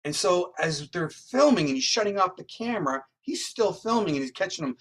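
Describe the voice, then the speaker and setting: His voice sits high, and he talks a little fast with hardly any pauses. The man, a guest psychic medium and criminal profiler, animatedly retells a story in an interview, regularly tagging lines with "right?"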